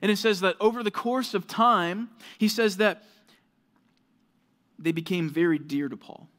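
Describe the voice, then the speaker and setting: A man's voice: sits high, measured pace, fairly bright tone. A man preaching a sermon as pastor, conversational and earnest, with frequent fillers like "right" and "like".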